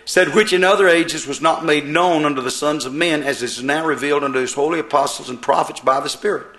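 A middle-aged man preaching a sermon in a church, swinging from loud emphatic declarations to quiet asides. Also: on the high side, brisk. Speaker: pastor.

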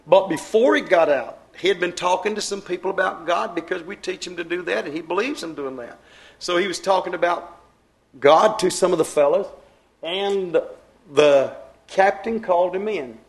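A male preacher delivering a sermon through stories and warnings. His voice sits a little high and his talk is plain and folksy. He pushes hard on key words, then sinks suddenly to a quiet undertone. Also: normal speed, low-quality recording. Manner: emphatic, folksy preaching with dramatic drops in volume. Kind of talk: fervent storytelling sermon.

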